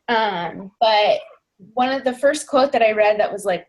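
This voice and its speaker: A woman's voice: medium pitch, measured pace, a little mellow. Earnest young woman coaching her team. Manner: earnest, rambling, heavy on fillers like "you know" and "like". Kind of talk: casual team call talk.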